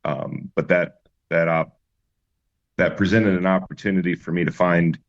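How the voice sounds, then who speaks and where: A man's voice: deep voice, steady tone, normal speed, lo-fi sound. A man, a musician guest, telling his story in an easygoing interview chat with many fillers and restarts.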